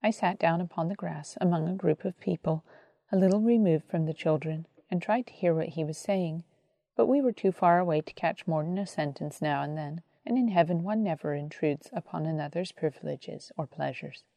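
A woman narrating an audiobook in a calm, reverent reading voice. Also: on the low side, moderate pace, gravelly, dry recording.

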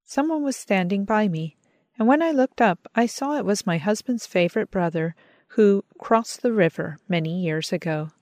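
A woman calmly reading a first-person audiobook narration in a measured, earnest manner. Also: mid-range voice, dry recording, clean studio sound. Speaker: audiobook reader.

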